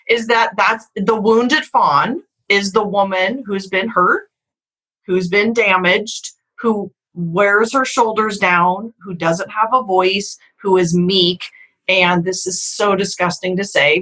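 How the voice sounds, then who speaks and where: A woman's voice: lowish voice, sharp tone, rough recording. A middle-aged woman hosting a podcast, talking frankly and emphatically in a candid conversation, swearing casually. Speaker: podcast host.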